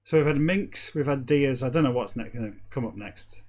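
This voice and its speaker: A man hosting a comedy podcast, reading slowly and deadpan, then breaking into quick, chatty asides. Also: medium pitch. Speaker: podcast host. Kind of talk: comic reading of a novel backwards, then rambling aside.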